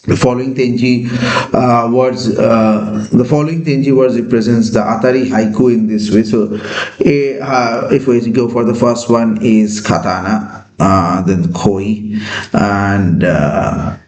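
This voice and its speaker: Slow, hesitant male teacher in an echoey room. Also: mid-range voice, steady tone, a little mellow. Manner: slow, hesitant, many fillers. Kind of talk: classroom lecture.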